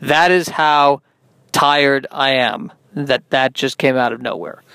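A man's voice: mid-range voice, slow, creaky, sharp tone, smooth, no room sound. A man hosting a solo podcast, tired and yawning, rambling in a self-deprecating way. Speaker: podcast host.

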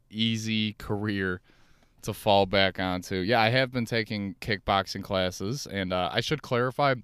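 A young man hosting his own podcast, rambling through profane, animated stories while sitting in his car. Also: fairly low pitch, smooth, dry recording, studio quality. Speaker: podcast host and stand-up comic. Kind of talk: casual solo podcast monologue. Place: inside a car.

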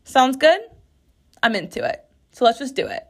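Woman podcast host, solo casual chat from her bathroom, frank, expressive, loose with swearing. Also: on the high side, normal speed, creaky. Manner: candid, expressive, swears freely. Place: bathroom floor.

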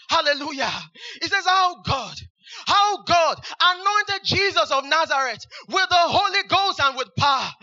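A high, very bright male preacher, exclaiming hallelujah over and over between verses. His voice is sharp and piercing, and the recording is dull and lo-fi. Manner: exclamatory, repeats hallelujah, fervent. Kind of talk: sermon.

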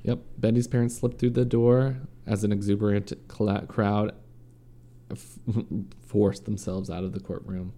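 A man's voice: fairly low pitch, little pitch movement, a little slow, dark tone. A man reading a story aloud in a casual way, stumbling and correcting himself now and then. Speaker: podcast host reading a story. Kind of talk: casual true-crime reading.

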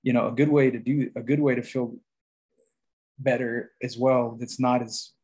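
A man's voice: mid-range voice, steady tone, moderate pace, a little mellow, breathy edge. A man co-hosting a casual podcast, talking in a laid-back, rambling way and swearing freely. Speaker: podcast co-host.

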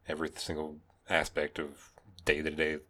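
Very deep-voiced man with dry quips. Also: monotone, normal speed, pushed and bright. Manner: dry, teasing one-liners. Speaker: podcast co-host. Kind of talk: casual podcast chat.

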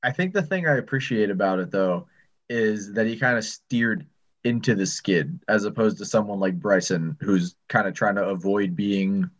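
Low-voiced man on a dull line. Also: moderate pace. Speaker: podcast co-host. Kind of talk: casual chat.

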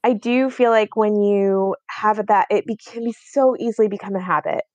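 A woman's voice: medium pitch, normal speed, a little mellow, no room sound, dull audio. A woman in her thirties co-hosting a podcast, rambling in a casual chat with many fillers and restarts. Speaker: podcast co-host.

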